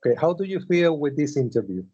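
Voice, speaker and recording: Guy hosting, kinda dark mellow voice, dull flat-sounding audio, keeps saying you know. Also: on the high side, fast, husky. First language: Spanish. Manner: friendly, repeats "you know", gives earnest advice. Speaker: wrestling interviewer, host. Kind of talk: casual interview.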